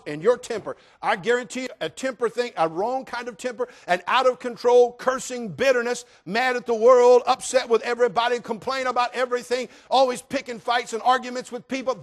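A middle-aged male pastor preaching a sermon and telling a folksy personal story, dropping low and then rising to shouts.

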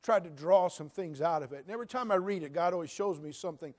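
In a church sanctuary, a pastor preaches a sermon, telling a story conversationally to his congregation. His voice is a little high and a little mellow, and he talks fast.

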